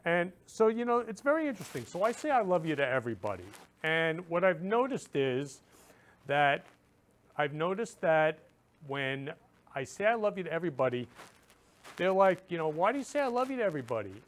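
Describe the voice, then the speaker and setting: A man's voice: fairly high pitch, very animated, moderate pace. A man hosting his own show, talking earnestly and effusively to viewers, repeating himself often. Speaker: show host. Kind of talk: casual talk to viewers.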